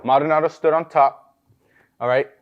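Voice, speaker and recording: A young man, a podcast guest, telling boot camp stories in relaxed casual chat, laughing often and swearing easily. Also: a little high, normal speed, muffled recording.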